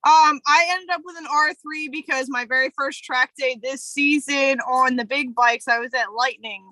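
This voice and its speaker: A woman's voice: sits high, fairly even intonation, moderate pace, pushed and bright, no echo, low-quality recording. A woman co-hosting a podcast, telling a candid, emotional story in casual chat with plenty of fillers. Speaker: podcast co-host.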